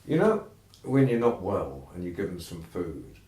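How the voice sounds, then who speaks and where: A male storyteller telling a folk tale in an animated, conversational way, with asides to the listeners. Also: low voice, moderate pace. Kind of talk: oral folktale telling. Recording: roomy echo.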